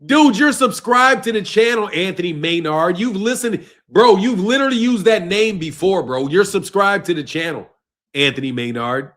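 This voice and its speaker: A man's voice: sits high, lively intonation, normal speed, a bit bright. A young man hosting a boxing live stream, laughing and swearing as he argues with viewers' comments. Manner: exasperated, profane, laughing, arguing with commenters. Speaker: boxing channel host.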